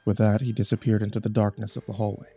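A man's voice: lowish voice, level tone, fast, dark tone, husky, faint music behind. A man narrating a first-person horror story in a tense, dramatic reading.

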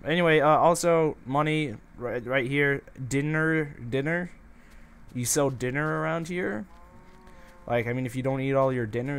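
A man's voice: mid-range voice, a little hiss or hum. A man giving casual, playful let's-play commentary, chatting to the animals and villagers as he goes. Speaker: gameplay commentator.

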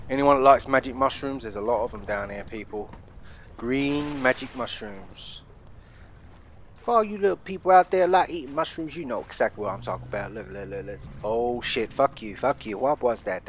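Brief: male gaming host, loud and profane let's play commentary, mid-range voice, keeps addressing viewers. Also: medium pitch, slight background noise.

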